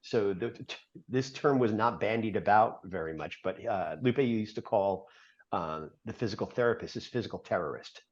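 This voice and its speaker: A middle-aged man, a podcast guest, telling a long personal story in an earnest, halting way with many fillers. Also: on the low side. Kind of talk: storytelling interview. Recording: dull lo-fi podcast audio.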